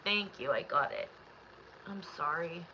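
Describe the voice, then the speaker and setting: A woman's voice: lowish voice, a little slow, noisy background. A woman hosting a live tarot stream, chatting loosely with viewers in a rambling way, frustrated and close to tears. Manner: rambling, talks straight to the chat.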